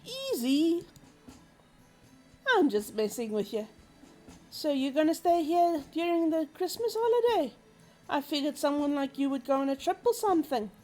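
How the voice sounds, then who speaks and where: A woman's voice: high voice, lively intonation, moderate pace, darkish tone, soft background music, pitched above the performer's own voice. A woman voicing a big, brash male sailor who teases his friend, read aloud from a visual novel. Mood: teasing. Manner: brash, teasing.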